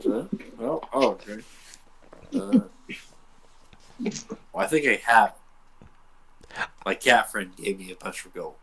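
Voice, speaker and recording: A man taking part in a tabletop role-playing game. He speaks in a relaxed, halting way, describing his character's actions. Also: fairly low pitch, gravelly, rough recording. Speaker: player.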